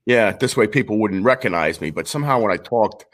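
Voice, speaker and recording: A man's voice: lowish voice, lively intonation, brisk. A man with a New York accent, a guest collector telling rambling, joking stories in casual chat over a remote call. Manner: brash, joking, rambling storyteller.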